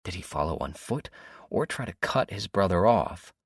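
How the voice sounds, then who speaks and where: Man, audiobook narration, very low voice, steady storytelling, dry studio sound. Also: normal speed, husky, no echo.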